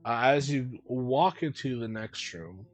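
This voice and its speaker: A man's voice: mid-range voice, animated, unhurried, soft background music. A man running a tabletop game as game master, narrating scenes casually with lots of fillers.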